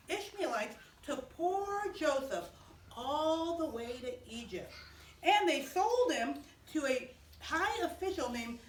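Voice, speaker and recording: A woman chapel teacher telling a Bible story to children, animated and asking them questions along the way. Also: high-pitched, slight background noise. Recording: echoey room from far off.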